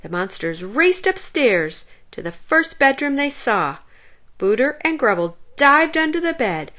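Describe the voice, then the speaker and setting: A woman reading a children's storybook aloud in an expressive, animated way. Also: sits high, measured pace.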